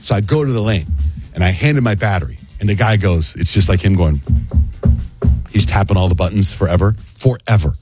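A middle-aged man hosting a radio show, telling a story in a casual, animated way and acting out sounds and quotes. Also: low-pitched, brisk, music in the background. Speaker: radio host.

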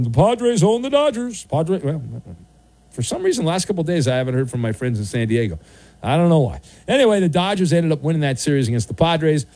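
A man's voice: medium pitch, mellow, no echo. Playful male sports radio host. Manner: playful, teasing. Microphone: studio mic.

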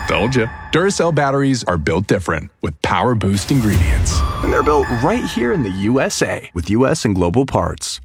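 A man announces a commercial in a playful, bouncy read, his pitch swinging freely. Music plays clearly underneath him. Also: very animated, moderate pace. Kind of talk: scripted ad read. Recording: music bed behind the voice.

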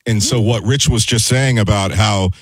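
A man's voice: lowish voice, normal speed, husky, no echo, poor audio. A man on a sports talk show giving earnest, upbeat team analysis in casual studio chat.

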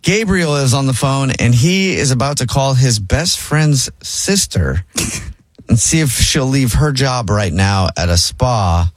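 A man's voice: medium pitch, expressive, measured pace, no room sound. A man hosting a radio show segment, setting up a prank call with laughs. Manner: laughing, upbeat. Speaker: radio host.

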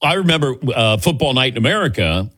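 A man hosts a sports talk radio show, his mid-pitched voice bouncing up and down with energy. He reads promos briskly and asks questions into a dry, close studio microphone. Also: big pitch swings, a bit bright, no echo. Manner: upbeat, quick-reading promos and questions.

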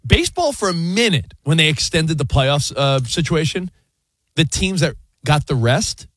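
A man co-hosting a sports talk radio show, thinking out loud in a chatty, conversational way. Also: a little high, big pitch swings, moderate pace, no room sound. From US East Coast. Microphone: studio microphone.

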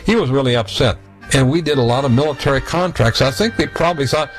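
A man's voice: medium pitch, brisk, faint music behind. A man in his sixties telling his own story, acting out the voices of the people in it. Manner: animated, acts out voices in his anecdotes. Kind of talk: personal storytelling.

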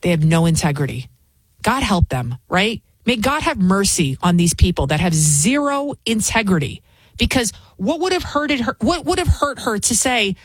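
A woman hosting a show, giving opinionated political commentary in an emphatic, indignant way with rapid rhetorical questions. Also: mid-range voice, very animated, slightly rough, no room sound. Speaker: fill-in host.

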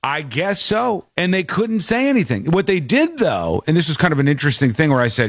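Animated storytelling man, lively pitch. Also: brisk, no room sound, clean studio sound. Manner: animated storyteller, acts out quotes. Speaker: podcast host. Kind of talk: casual chat.

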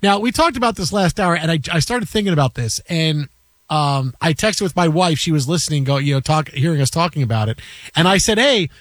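A sports talk host in his forties spins an animated story and acts out the quotes. His voice sits high for a man. The sound is dry and close. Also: brisk, no room sound. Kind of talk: casual sports talk chat.

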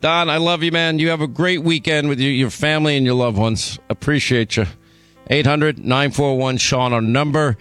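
A man hosting a call-in radio talk show, talking quickly and restarting his words. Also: fairly high pitch, steady tone, fairly bright tone, smooth, no room sound, soft background music. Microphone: studio mic.

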